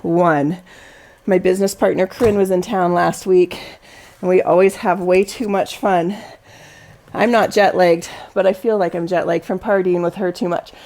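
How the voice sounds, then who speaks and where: A woman leading a Pilates class, giving cues and counting reps down in an encouraging way. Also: medium pitch. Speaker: Pilates instructor. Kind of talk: guided workout instruction with counting.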